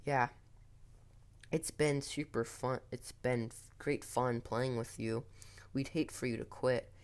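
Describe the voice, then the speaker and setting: A man reading a spooky story, voicing a gleeful, cruel teenage girl in a soft, breathy voice. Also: mid-range voice, fairly even intonation, slow pace, lightly acted. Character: giggling eerie teen girl, gleeful and cruel.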